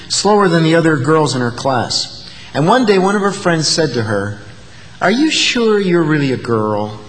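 A man's voice: mid-range voice, long reverb tail, poor audio. A male pastor delivering an earnest sermon, building to emphatic peaks. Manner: earnest, rising to emphatic peaks, acting out quoted insults.

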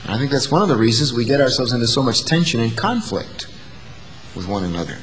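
A man's voice: mid-range voice, big pitch swings, quick pace, a bit bright, big-room sound, low-quality recording. A male pastor delivering an earnest sermon, building to emphatic peaks. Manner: earnest, rising to emphatic peaks, acting out quoted insults.

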